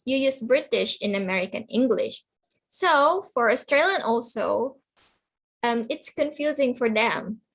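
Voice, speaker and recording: Woman teacher on a video call, patient, repeats herself, slow delivery, slightly high voice. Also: poor audio. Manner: patient, repeats and checks understanding. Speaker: online English teacher. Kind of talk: slow explanatory teaching to children.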